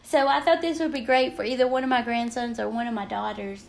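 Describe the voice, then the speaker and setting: A woman's voice: on the high side, fairly even intonation, fast, vocal fry, few pauses, a little hiss or hum. An older woman with a Southern American accent, rambling chattily on a craft livestream and greeting viewers by name. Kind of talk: casual livestream chat. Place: at home craft desk.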